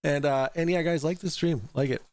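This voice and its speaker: A man's voice: on the high side, brisk, a little mellow, no room sound. A man hosting a casual livestream, reading out super chats in a loose, rambling way, swearing freely and laughing often. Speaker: livestream talk show host.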